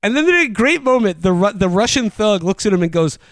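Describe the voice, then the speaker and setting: A man's voice: high voice, very animated, fairly quick, hardly any pauses, fairly bright tone. A man co-hosting a podcast, rambling through a movie recap with stumbling restarts and mock quotes. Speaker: podcast co-host. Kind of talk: casual movie-review chat.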